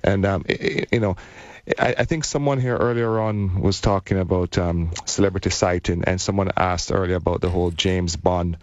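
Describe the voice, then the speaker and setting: A man's voice: deep voice, steady tone, normal speed, dry recording. Guy rambling on a travel radio show, lots of ums, dry dull sound. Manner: rambling, many restarts and ums. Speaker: travel guest. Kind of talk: casual radio chat.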